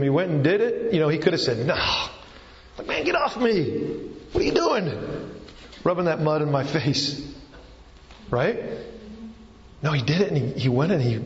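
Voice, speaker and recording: Man preaching in an echoey hall. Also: a little high. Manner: conversational, with frequent restarts and fillers. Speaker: pastor. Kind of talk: sermon. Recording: echoey hall, dull lo-fi sound.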